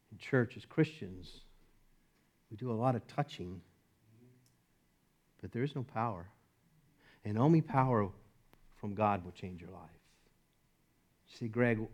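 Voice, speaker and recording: Emphatic man preaching a sermon. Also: medium pitch. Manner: emphatic, swinging between loud and hushed; repeats phrases for emphasis. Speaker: pastor. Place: church service.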